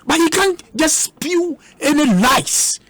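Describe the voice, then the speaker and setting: A Ghanaian man arguing combatively on a radio panel, repeating words in rapid bursts. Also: extremely high pitch, expressive, fairly bright tone, no echo. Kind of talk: heated panel debate.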